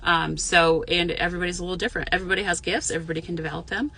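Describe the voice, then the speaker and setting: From a parked car, an intuitive medium and spiritual mentor chats casually with viewers, her lowish, husky voice racing along with a steady, sharp tone. She's frank and profane, rambling and full of fillers.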